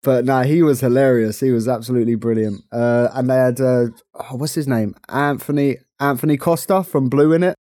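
A young man with a London accent, co-hosting a casual podcast chat, chatty and quick to laugh. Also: medium pitch, steady tone, dark tone, no echo, clean studio sound. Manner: chatty, laughs often, playful. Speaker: podcast co-host.

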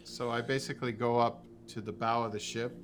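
Guy at the game table, bright clear voice, laid back. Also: mid-range voice, fairly even intonation, fairly quick, soft background music. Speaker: player. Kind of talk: casual tabletop play.

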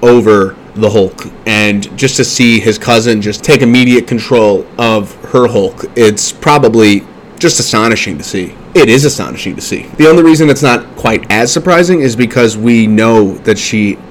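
A man's voice: on the low side, normal speed, slight background noise. A man giving a casual, enthusiastic fan recap of an episode, chatty and full of small restarts. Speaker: show recapper.

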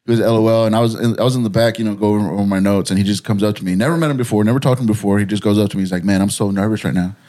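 A man with a Texan accent chatting casually and telling an animated story, acting out what people said. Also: fairly low pitch, very fast, few pauses. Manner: animated storyteller, acts out quotes. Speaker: podcast guest telling stories. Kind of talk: casual chat.

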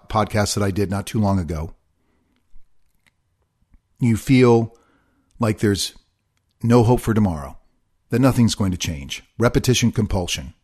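Middle-aged man, solo podcast host, low-ish voice, earnest and confessional, repeats himself. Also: darkish tone. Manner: earnest, confessional, repetitive phrasing.

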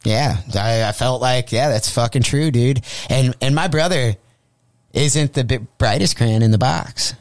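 A man's voice: mid-range voice, measured pace, no room sound, clean studio sound. A young adult man telling a story in casual chat, swearing freely and acting out the lines of the people in it. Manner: profane, animated storyteller acting out quotes. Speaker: comedian guest. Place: radio studio.

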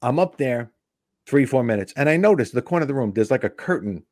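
This podcast clip has a middle-aged comedian with a medium-pitched voice rattling fast through a casual story, acting out each person in it. The sound is clean studio audio with no room sound.

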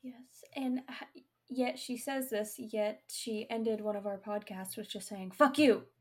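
A woman's voice: mid-range voice, flat delivery, unhurried, darkish tone. A young woman co-hosting a podcast in casual chat, teasing her friend with short quips and laughs. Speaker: podcast co-host.

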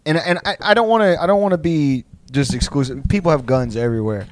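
A man's voice: a little high, quick pace, darkish tone. A young man from Texas, rambling through crude comedic banter, laughing often and acting out insults. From South Houston, Texas.

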